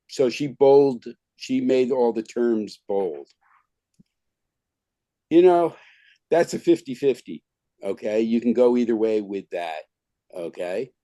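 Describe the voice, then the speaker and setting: A man's voice: mid-range voice, mellow, no room sound. A man teaching an online skills class over a video call, talking informally and filling his speech with "okay" and "right". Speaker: skills trainer.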